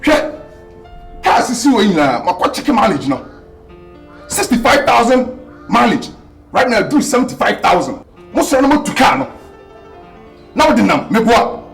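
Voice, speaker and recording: A brash bullying boss, loud and foul-mouthed, pitched high with a lively delivery, film music behind. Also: male voice, moderate pace, creaky, long pauses, heavily acted. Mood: bossy. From Ghana. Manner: loud, bossy, swearing, mixing Twi and pidgin English. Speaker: actor in a Twi comedy film. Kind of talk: Kumawood film acting.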